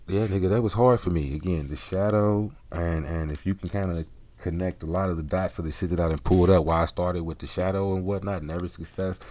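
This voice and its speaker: A man's voice: low-pitched, darkish tone. A man hosting his own vlog, rambling in a casual, profane monologue full of street slang. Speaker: vlog host.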